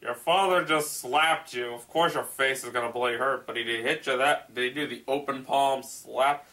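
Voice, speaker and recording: A man reading a story aloud and breaking in with sarcastic, incredulous commentary that rises into loud exclamations. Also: medium pitch, moderate pace, few pauses. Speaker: creepypasta reader and commentator.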